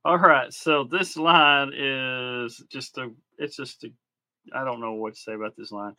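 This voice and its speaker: A man with a bright, forceful voice co-hosting a casual toy podcast. He talks at an easy pace, pausing often with ums as he works through his points. The sound is dry and close. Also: mid-range voice, dry recording. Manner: relaxed, hesitant, many ums while explaining. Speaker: podcast co-host.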